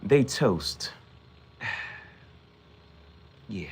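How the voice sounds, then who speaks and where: A man's voice: lowish voice, animated, very slow, vocal fry, slightly rough. A man hosting an anime reaction channel, recapping an episode in a rambling casual way, repeating himself and quoting characters in slang.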